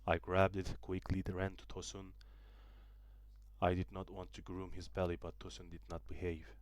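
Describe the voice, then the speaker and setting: Brief: young male student narrator, Turkish native, deep voice, dry close read. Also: monotone, moderate pace, no room sound. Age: young adult. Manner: careful reading with small restarts. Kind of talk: audiobook narration.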